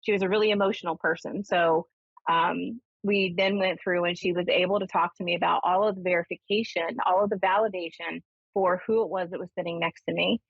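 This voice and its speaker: A woman, hosting a radio show as a medium, telling her story casually and giving readings in an animated way. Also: lowish voice, fairly quick, gravelly, slightly rough, no room sound. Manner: animated, acts out voices when retelling. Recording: slightly dull lo-fi radio sound.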